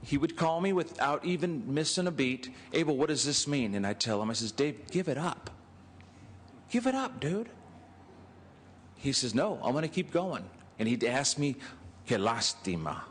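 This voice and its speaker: Speaking fairly quickly with hardly any pauses, a man with a slightly high voice and lively intonation delivers an anecdotal tribute as a state senator, acting out his stories' dialogue and chuckling. Long reverb and faint ambience fill the legislative chamber.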